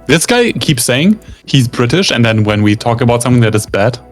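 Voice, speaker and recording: A man from India joins a streamer's game over voice chat, explaining things plainly and teasing with a dry edge. His voice sits at an ordinary middle pitch. Faint music plays behind him. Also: big pitch swings, a little fast. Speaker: stream co-player. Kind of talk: casual gaming chat.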